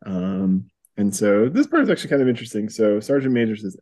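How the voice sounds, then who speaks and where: A man hosting a podcast, recapping a comic in a casual chat, chuckling often and filling pauses with ums. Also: fairly low pitch, sing-song, warm tone. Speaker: podcast host.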